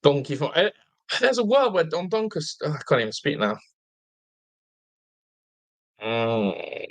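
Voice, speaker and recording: Sounding half asleep, a man from England runs a live watch-along for fans, complaining about the team, swearing mildly and reading viewers' comments aloud as he chats. He speaks at a measured pace in a fairly high, sing-song voice.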